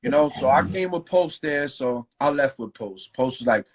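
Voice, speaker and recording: A graffiti writer telling stories in a loose, profane, slang-heavy way during a casual interview. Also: male voice, medium pitch, expressive, normal speed, poor audio. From New York.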